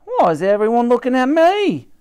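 A man voicing a jumpy, easily flustered cleaning woman in a high, loud voice. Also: wildly swooping pitch, normal speed, clean tone, full character voice. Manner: shrill, breathless, overexcited. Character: excitable, timid cleaning woman.

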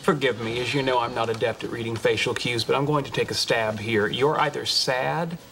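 A man's voice: mid-range voice, brisk, vocal fry, background noise, lightly acted. A man playing a pedantic physicist. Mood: lecturing. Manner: precise, lecturing, deadpan. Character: pedantic young male physicist. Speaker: sitcom character. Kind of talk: sitcom acting.

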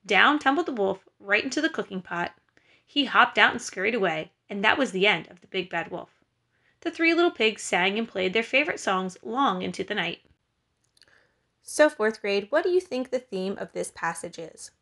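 A woman teacher giving a recorded lesson to schoolchildren and reading a story aloud in a clear, patient way. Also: medium pitch, expressive, moderate pace, sharp tone.

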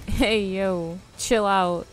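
A woman in her twenties giving casual, slangy commentary while streaming a game, chatty and quick to laugh. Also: mid-range voice, fairly even intonation, slight background noise. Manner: laid-back, chatty, slangy, laughs often.

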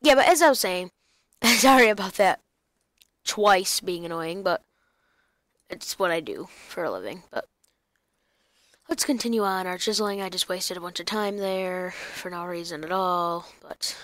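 A woman's voice: on the low side, animated, unhurried, pauses often, a bit bright, no room sound. A young woman chatting casually through a block-building game video, rambling and breaking into silly sing-song bits. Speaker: gaming YouTuber. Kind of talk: casual gaming commentary.

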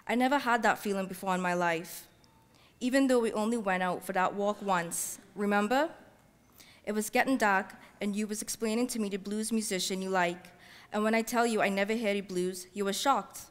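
A woman reads her fiction aloud at a library event in a measured, heartfelt first-person voice. Her pitch sits in the middle range, and her lines carry Caribbean-English dialect. A long reverb from the hall trails each phrase. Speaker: author reading her work. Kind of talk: public reading of fiction.

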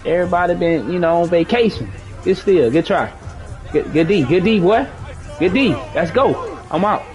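A young man talks through a basketball video game with his teammates, coaching them and scolding them in loose, profane slang. His voice sits a little high for a man and jumps around a lot in pitch. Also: animated, normal speed, a little mellow, soft background music, some chatter behind. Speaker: gaming streamer. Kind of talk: live gameplay chat with teammates.

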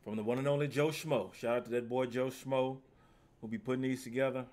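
A man's voice: medium pitch, fairly even intonation, a little fast, darkish tone. A man hosting his own channel, giving laid-back casual reaction commentary and talking to his viewers. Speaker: channel host.

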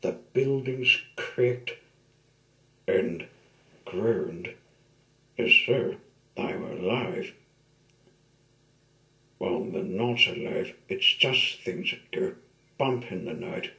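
A man's voice: on the low side, drawn-out words, gravelly, pauses often, bright, forceful tone, echoey room. A man reading a children's storybook aloud, with occasional asides. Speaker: storybook reader.

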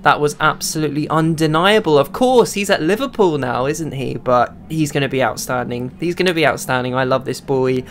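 A young man narrating his own football video game as a gaming creator, talking to himself and bursting into high shouts when chances come. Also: a little fast, few pauses, slight background noise. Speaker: gaming YouTuber. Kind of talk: live gameplay commentary.

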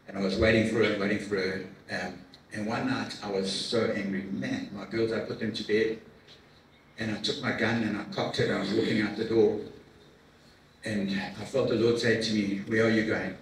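A man's voice: lowish voice, little pitch movement. Middle-aged man testifying in an echoey hall. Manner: earnest, emotional, halting with repeats and fillers. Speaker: guest speaker at a men's breakfast. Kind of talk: personal testimony talk. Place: large room at a church men's event. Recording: echoey hall from far off with faint noise.

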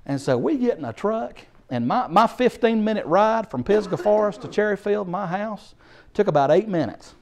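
A middle-aged male preacher tells his story with animated, emphatic repetition. His voice sits high for a man. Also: normal speed, creaky, few pauses. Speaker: guest preacher. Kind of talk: storytelling sermon.

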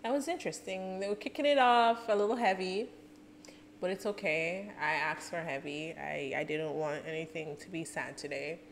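A woman reacting out loud to music videos in a casual, excitable way, laughing and exclaiming. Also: on the low side, normal speed, slight background noise. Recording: clear music underneath. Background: music playing.

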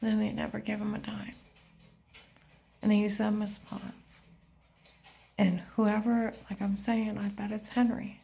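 Woman, middle pitch, warm and mellow tone, urgent rambling talk that drifts in and out of whispers. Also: monotone, a little slow, creaky, pauses often. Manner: drops often into an unvoiced whisper. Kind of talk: rambling spoken monologue.

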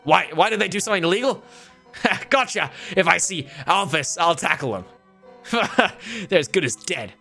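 A young man voicing a loud, bored, tough fish-woman police officer. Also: high voice, animated, moderate pace, creaky, soft background music, full character voice. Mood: brash.

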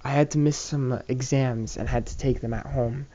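A man with a mellow, warm voice tells a story to the camera in a loose, rambling way. He swears freely and restarts his sentences often. The recording is a bit dull and lo-fi, like a home setup. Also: medium pitch, fairly even intonation, moderate pace. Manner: rambling, profane, many restarts and fillers. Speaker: YouTube storyteller. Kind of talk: casual storytime vlog.

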